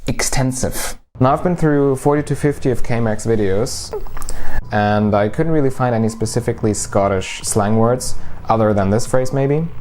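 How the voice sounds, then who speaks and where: A man narrating an educational video on a dialect, slowing down to spell out the example words. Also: medium pitch, background noise.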